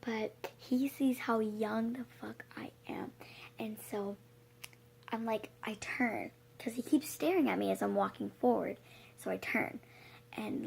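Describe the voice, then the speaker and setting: A woman's voice: fairly high pitch, gravelly, darkish tone, slightly rough. A young woman vlogger telling a personal story in a casual, emphatic, breathless way, with frequent fillers and swearing.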